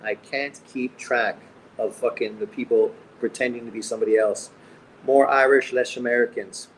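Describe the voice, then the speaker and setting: A man's voice: medium pitch, steady tone, normal speed, slight background noise, rough recording. A middle-aged Canadian man hosting a boxing livestream, bantering bluntly with viewers and swearing constantly. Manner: profane, blunt, joking banter. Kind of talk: casual livestream chat reading comments. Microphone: streaming mic.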